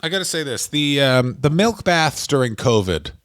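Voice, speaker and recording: Man, podcast co-host, casual comedic chat, profane rants, slightly high pitch. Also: big pitch swings, moderate pace, fairly bright tone, no echo, studio quality. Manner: profane, ranting hot takes.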